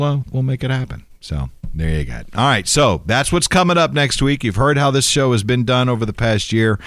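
A man's voice: low-pitched, no echo. A man hosting his own podcast in easygoing, rambling talk that often repeats words. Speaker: podcast host. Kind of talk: casual solo podcast talk.

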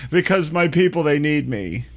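A man's voice: on the high side, lively intonation, normal speed. A man voicing a melodramatic young female influencer who whines that she is overwhelmed. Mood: whiny. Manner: whiny, melodramatic.

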